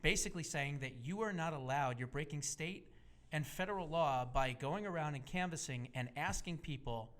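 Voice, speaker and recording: A man's voice: fairly high pitch, normal speed, a bit bright. A man speaking as a guest on a talk radio show, emphatic and insistent, with many filler uhs.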